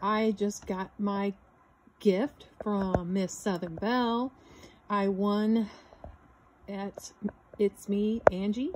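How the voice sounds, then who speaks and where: Gushing woman unboxing gifts, slow speech. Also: medium pitch, fairly even intonation, background noise. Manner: gushing, exclamatory. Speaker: channel host. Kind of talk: unboxing vlog.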